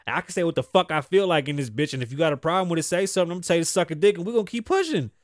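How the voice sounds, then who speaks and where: A middle-aged man hosting a podcast, ranting bluntly with constant cursing, swinging from loud outbursts to low mutters. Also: expressive, rapid-fire, no echo, clean studio sound. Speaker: podcast host. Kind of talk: profane opinion rant.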